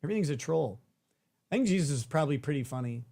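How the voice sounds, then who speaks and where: A man's voice: fairly high pitch, animated, fast talker, gravelly, dark tone. A man hosting a livestream, chatting casually, joking and swearing irreverently. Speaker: host.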